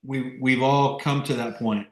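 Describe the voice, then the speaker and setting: A man's voice: medium pitch, steady tone, unhurried. A man hosting a workshop discussion, making dry, teasing remarks in a casual way. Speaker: workshop host. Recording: echoey room.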